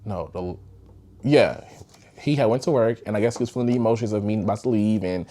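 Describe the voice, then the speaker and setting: A young man hosting a podcast, telling a personal relationship story in a candid, rambling way, swearing freely and sometimes sinking to a hush. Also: lowish voice, brisk. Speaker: podcast host. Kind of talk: casual storytime.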